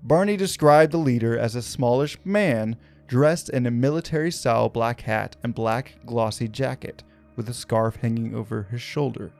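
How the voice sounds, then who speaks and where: A man's voice: mid-range voice, moderate pace, gravelly, few pauses, a little mellow. A man hosting a podcast, telling a story in a casual, conversational way with fillers. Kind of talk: conversational narration of a paranormal story.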